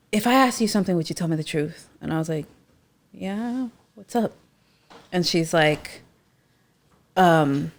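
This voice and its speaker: A woman in her thirties co-hosting a podcast, telling a story casually with frequent laughter. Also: lowish voice. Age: 30s. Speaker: podcast co-host. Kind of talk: casual chat.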